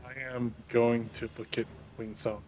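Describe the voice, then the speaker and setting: A man's voice: mid-range voice, level tone, a little slow, darkish tone, a little hiss or hum. A man playing in a tabletop game who talks in a wry, joking way. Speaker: player. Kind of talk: casual tabletop game chat.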